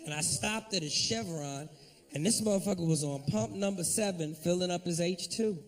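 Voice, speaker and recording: Brash stand-up comedian. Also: male voice, high voice, normal speed, far from the mic. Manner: brash, profane, lots of acted-out voices.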